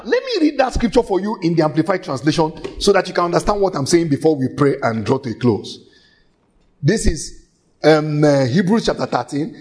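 A man preaching a sermon in a church, emphatic and shouting at times, repeating phrases rhythmically and laughing between lines. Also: high-pitched. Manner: shouting, emphatic, with sudden exclamations.

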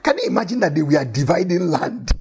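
A man's voice: a little high, sing-song, fairly quick, darkish tone, husky. A man preaching a sermon in an emphatic way, repeating key phrases for effect and telling Bible stories with animation.

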